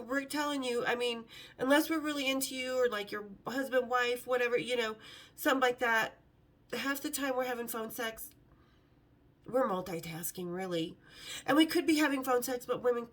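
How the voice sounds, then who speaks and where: A woman's voice: a little high, fairly quick, fairly bright tone. A middle-aged woman hosting a vlog, telling brash, sarcastic stories in a casual, swearing way. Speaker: vlog host. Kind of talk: casual storytelling to camera.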